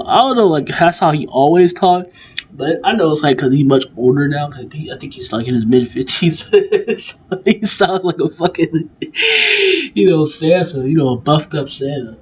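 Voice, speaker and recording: A man giving a casual wrestling recap, animated, laughing often and swearing, with lots of fillers. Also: mid-range voice, slight background noise, rough recording. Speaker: wrestling commentator vlogger.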